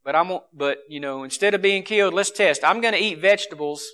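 A man voicing a young captive who calmly and plainly refuses the king's food. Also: high-pitched, brisk. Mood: resolute.

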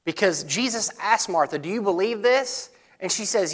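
A man delivers a sermon in a loose, conversational style. His voice sits a little high for a man. He leans hard into emphatic lines, then drops to soft, low asides. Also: animated, measured pace. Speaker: pastor.

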